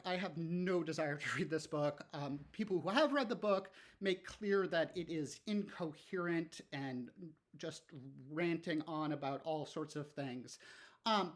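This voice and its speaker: A male history teacher giving a recorded lecture in a conversational way, explaining step by step with frequent ums, "okay, so" and rhetorical questions. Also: fairly high pitch.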